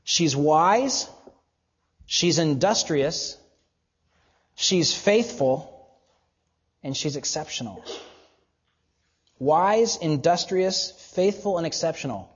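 Male preacher, husky voice, high and animated pitch, emphatic sermon, long hall reverb, dull lo-fi sound. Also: slow, pauses often. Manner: emphatic, asks the congregation questions. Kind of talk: expository sermon.

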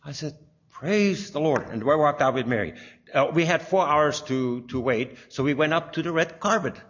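A man's voice: fairly high pitch, fairly quick, fairly bright tone. An older man telling a long personal testimony, rambling with fillers and restarts. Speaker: speaker sharing a personal testimony. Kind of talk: anecdotal storytelling. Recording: dull lo-fi recording.

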